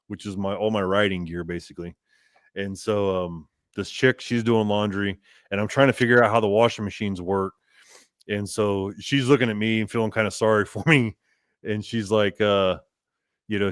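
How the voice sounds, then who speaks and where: Lively storytelling man, dry close sound. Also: on the low side, dry recording. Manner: animated, laughing often, acting out both sides of the story. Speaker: podcast guest. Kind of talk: casual storytelling.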